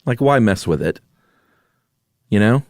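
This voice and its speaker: A man co-hosts a podcast in relaxed conversation, easygoing and drawling, with plenty of "uh" fillers. His voice sits low for a man. The recording is dry and close-miked. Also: a little slow, dry recording. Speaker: podcast co-host. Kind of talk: casual chat.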